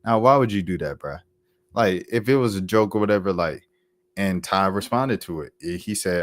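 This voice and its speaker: Man, deep low voice, commentary host, animated repetitive talk, dry close sound. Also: normal speed, no room sound. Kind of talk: casual commentary monologue.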